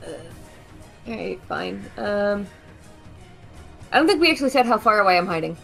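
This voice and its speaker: A woman's voice: mid-range voice, sing-song, normal speed, vocal fry, a bit bright, soft background music. A woman speaking casually as a player at a tabletop game, hesitant with many ums and dry humor.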